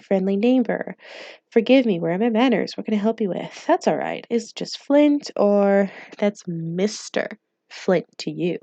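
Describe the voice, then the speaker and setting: A woman's voice: medium pitch, expressive, normal speed, gravelly, mellow, no echo, lo-fi sound. A woman playing a mobile game, reading its text messages aloud in light put-on voices and chatting casually, laughing often. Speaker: gaming YouTuber.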